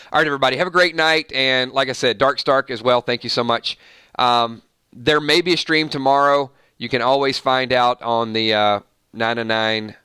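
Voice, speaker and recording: A man hosting a live stream in an easy, chatty way, running through viewer shout-outs one after another. His voice is bright and forceful, with a smooth, crisp tone. The sound is dry and close, with no room echo. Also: medium pitch. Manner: rattles off long lists of viewer names and thanks. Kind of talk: casual live stream chat.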